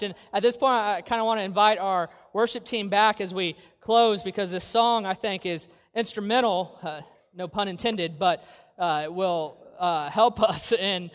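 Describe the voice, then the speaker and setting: A man preaching a sermon to a church congregation, earnest and full of rhetorical questions, slowing down to stress key phrases. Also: high voice, a bit bright. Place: church sanctuary. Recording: long reverb of a large hall.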